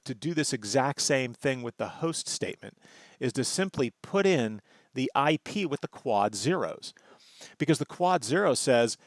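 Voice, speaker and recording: Man with a gravelly voice, walking through a tutorial. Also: medium pitch, dry recording, clean studio sound. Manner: conversational, explanatory, checks in with "right?". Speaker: networking instructor. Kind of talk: screen-recorded tutorial walkthrough.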